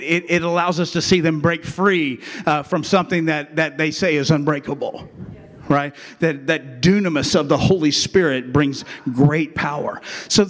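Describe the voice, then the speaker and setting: A pastor preaching a sermon in a chatty, joking way, calling on the crowd to answer back. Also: male voice, a little high. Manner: jokey, chatty preaching with call-and-response. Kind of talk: sermon with acted skit.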